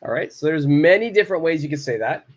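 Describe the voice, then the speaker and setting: A man's voice: fairly high pitch, animated, quick pace. A man teaching an English lesson live from home, reading out viewers' answers and praising them. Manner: encouraging, reads out viewers' answers and models phrases.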